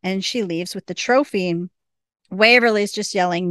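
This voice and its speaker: A woman's voice: fairly low pitch, fairly even intonation, moderate pace, fairly bright tone, clear, resonant tone, no room sound, clean studio sound. A woman casually recapping a TV episode, retelling scenes and quoting the characters in a chatty way. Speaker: podcast co-host.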